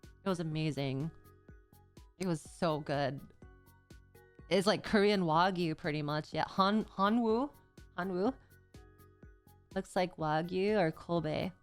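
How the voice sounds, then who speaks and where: A woman's voice: low voice, unhurried, pauses often, smooth, faint music behind. A young woman streamer chatting casually and rambling as she recaps a trip, full of "like" and slang. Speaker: VTuber streamer.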